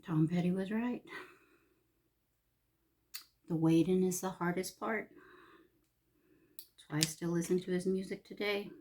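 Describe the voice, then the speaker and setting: A middle-aged woman, chatting reflectively in a vlog, soft-spoken and heartfelt, often sinking to a near whisper. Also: lowish voice, fairly even intonation, slow, pauses often. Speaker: vlogger. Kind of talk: casual reflective chat.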